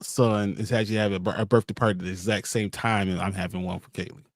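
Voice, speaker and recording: A laid-back man in his thirties, co-hosting a casual chat show with a low-pitched voice. He laughs easily and reads out viewer comments between stories. The sound is dry and close. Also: fairly even intonation, fast talker, no echo. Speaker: co-host.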